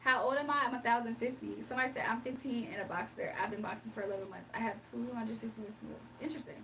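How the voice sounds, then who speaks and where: A Virginia woman hosts a late-night livestream, chatting casually, reading comments aloud, and laughing often in laid-back slang. Her high, bright voice is fast, creaky, and forceful. She sits far from the mic, and the rough recording carries a little hiss or hum.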